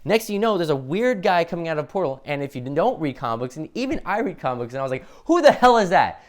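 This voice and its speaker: A man giving a casual, profane film review, ranting with exasperation and breaking into quick impressions of the characters. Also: fairly high pitch, sing-song.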